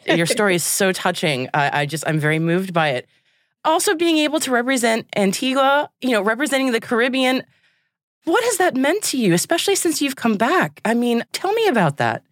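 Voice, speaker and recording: A woman's voice: a little high, big pitch swings, fairly quick, no room sound, studio quality. A young adult woman hosting a podcast, asking questions in an effusive, rambling way full of "like" and "you know". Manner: warmly effusive, rambling with fillers. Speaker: podcast host. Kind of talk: interview questions.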